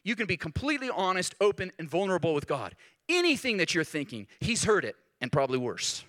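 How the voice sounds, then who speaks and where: A man preaching a sermon as pastor, talking in a lively, conversational way and acting out the voices he quotes. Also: high-pitched, fast talker.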